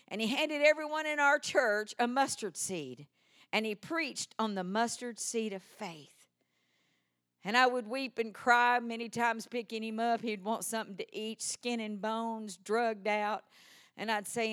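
An older woman preaching a sermon full of personal stories, swinging from hushed asides to loud, animated exclamations. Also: a little high, normal speed.

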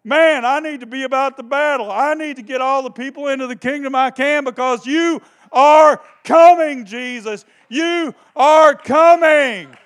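A man preaching a sermon with passion, repeating phrases for emphasis and swinging between hushed tones and shouting. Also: extremely high pitch, normal speed, few pauses.

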